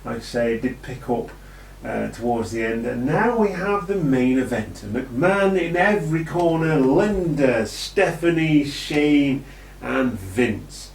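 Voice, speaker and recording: A British man chats through a wrestling recap in a loose, jokey ramble. He speaks slowly and sits back from the mic. His voice carries a roomy echo. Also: medium pitch, expressive, gravelly, slight background noise. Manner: rambling and jokey, with many ums. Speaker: wrestling show reviewer. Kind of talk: casual video review. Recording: echoey room, distant from the mic.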